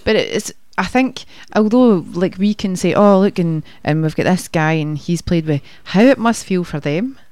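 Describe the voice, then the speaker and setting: A woman's voice: fairly low pitch, lively intonation, moderate pace, hardly any pauses, darkish tone, no echo. A woman with a Scottish accent co-hosting a casual music show, chatty and rambling. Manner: chatty, rambling, laughs easily. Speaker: co-host. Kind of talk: casual radio chat.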